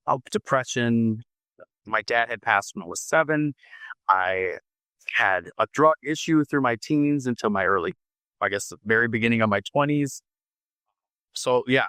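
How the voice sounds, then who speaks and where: A man who smokes, talking casually as a guest on a podcast, rambling and relaxed with lots of fillers. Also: mid-range voice, dry recording. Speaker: podcast guest, oddities artist. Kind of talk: casual interview chat.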